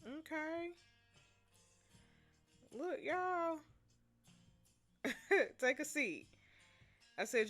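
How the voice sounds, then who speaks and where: A fairly high-voiced woman plays through a story game out loud, reading the lines and reacting with lively chatter to her viewers. Faint music plays under her voice. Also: very slow, pauses often. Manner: animated, laughing, talking to viewers as y'all. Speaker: gamer.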